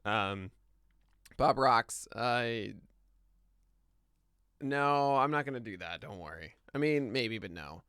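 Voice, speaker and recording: A man's voice: medium pitch, lively intonation, slow, long pauses, a bit bright, clear, resonant tone, dry recording, studio quality. A man hosting a morning podcast live on stream, chatting casually with his audience and then running through the day's news. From United States. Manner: chatty and self-deprecating, laughs at own jokes. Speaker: podcast host. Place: home studio, streaming live.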